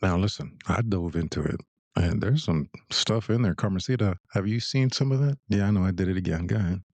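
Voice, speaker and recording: Deep gravelly male podcast host. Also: brisk, darkish tone, no room sound. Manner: laid-back, loose hosting with fillers. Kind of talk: casual chat.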